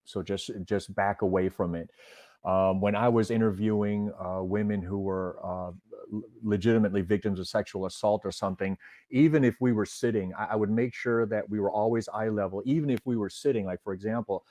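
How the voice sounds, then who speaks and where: A man's voice: fairly low pitch, steady tone, dark tone, dry recording. A middle-aged man, a retired officer and trainer, earnestly explaining de-escalation in an interview. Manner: earnest instructor, measured with filler restarts.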